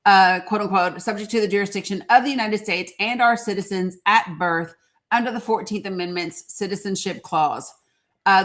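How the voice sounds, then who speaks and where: A woman's voice: mid-range voice, fairly bright tone. A woman hosting a casual live stream, commenting on the news with passion and reading legal text aloud between fillers and asides. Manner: impassioned and outspoken.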